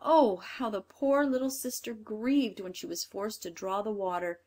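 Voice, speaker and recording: A woman narrating a fairy tale aloud, with measured, expressive storytelling. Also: medium pitch.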